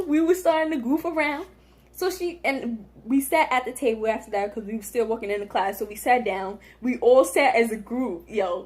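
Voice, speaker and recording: Young woman on camera, kinda high voice, slangy, acts out all the quotes. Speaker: vlogger. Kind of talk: casual storytelling.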